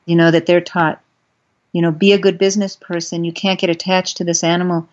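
A woman, a guest on a podcast, telling stories in an earnest, gentle way and getting animated as she goes, on a dull lo-fi recording. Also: fairly low pitch, fairly quick. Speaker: guest, animal rights advocate. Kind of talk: conversational podcast storytelling. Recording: dull lo-fi sound.

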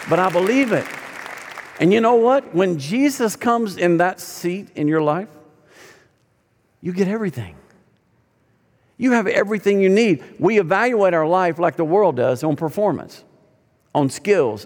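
A man preaching a sermon as pastor, swinging between loud emphatic lines and hushed ones. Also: high-pitched. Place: church sanctuary. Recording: long hall reverb.

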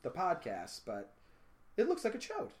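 A man's voice: high-pitched, moderate pace. A man co-hosting a podcast, chatting casually with jokes and swearing while drinking beer. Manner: joking, swearing, lively storytelling. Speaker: podcast co-host. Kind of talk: casual chat.

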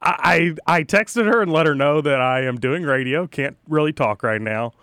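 A man's voice: fairly high pitch, moderate pace, a bit bright, clean tone, no room sound, clean studio sound. A young man producing a radio show, easygoing and chatty, laughing now and then. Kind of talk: casual radio chat.

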